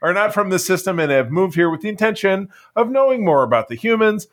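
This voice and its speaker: A man's voice: high-pitched, expressive, quick pace. A man co-hosting a casual podcast, recapping episodes in a chatty, joking way. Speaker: podcast co-host. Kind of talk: casual chat.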